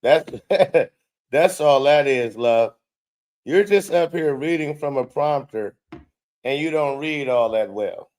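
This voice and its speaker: A male show host talks slowly in a fairly high voice, commenting on a replayed clip. His tone is mocking and incredulous, and he often mimics the person he is reacting to. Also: darkish tone.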